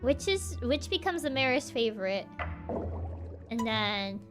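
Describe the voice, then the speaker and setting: A woman's voice: fairly high pitch, very animated, takes it slowly, over music. A young woman streamer telling a story on a livestream in a playful, giggly, chatty way.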